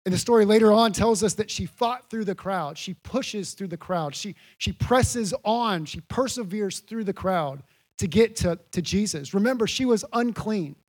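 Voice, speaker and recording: A man with a high-pitched voice delivers a sermon from the pulpit. He repeats key lines for weight and pushes each point to an emphatic peak. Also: normal speed, a little mellow. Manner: earnest, building to emphatic peaks. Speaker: pastor.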